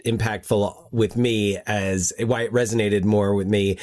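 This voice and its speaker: Podcast host thinking aloud. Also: male voice, on the low side, fairly even intonation, measured pace, darkish tone. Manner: thinking aloud with frequent restarts. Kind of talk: casual chat.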